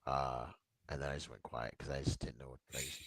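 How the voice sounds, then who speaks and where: A man's voice: very deep voice, brisk, no echo. A man, a military veteran, telling personal stories in a casual, rambling way with lots of fillers. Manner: relaxed, rambling war stories with filler words. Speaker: podcast guest, veteran. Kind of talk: casual storytelling.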